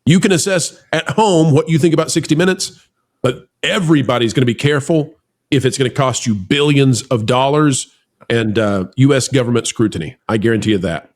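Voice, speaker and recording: A man hosting a casual news commentary show, talking in an animated, teasing way and exclaiming often. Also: mid-range voice, brisk. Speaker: show host. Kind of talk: casual political commentary chat.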